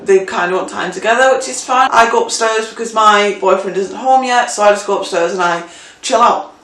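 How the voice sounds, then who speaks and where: A young woman telling a story in a casual vlog, animated and chatty, swearing freely. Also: mid-range voice, a little fast, far from the mic. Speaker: vlogger. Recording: roomy, mic set back.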